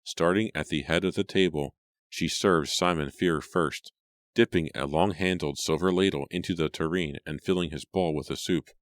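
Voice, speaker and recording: A man narrating an audiobook in a steady, even storytelling manner. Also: low voice, normal speed, dry recording, clean studio sound. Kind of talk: scripted narration.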